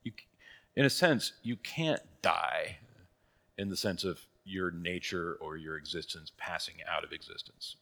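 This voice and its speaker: A man's voice: deep voice, a little slow, vocal fry, bright, forceful tone. A man teaching a church catechism class in a casual, conversational way, asking rhetorical questions and laughing at his own asides.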